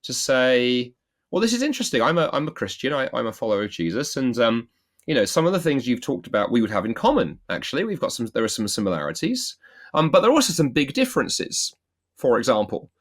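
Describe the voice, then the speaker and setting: Man from the UK, middle-aged, interview guest, lively anecdotes, acts out quotes. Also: medium pitch, fast talker. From United Kingdom. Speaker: guest author and apologist. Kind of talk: storytelling interview answer.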